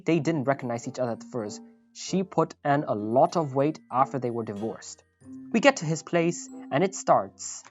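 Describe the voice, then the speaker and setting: Low-voiced woman reading a story. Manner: wry, with apologetic asides. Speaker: story narrator. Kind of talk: reading a reddit story aloud. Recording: slightly muffled, faint background music.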